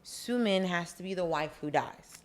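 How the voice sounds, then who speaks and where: A woman's voice: lowish voice, expressive, moderate pace. A woman co-hosts a casual podcast about a drama series. She talks in a blunt, wisecracking way, full of slang and the odd swear word. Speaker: podcast co-host. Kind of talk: casual chat recapping a drama.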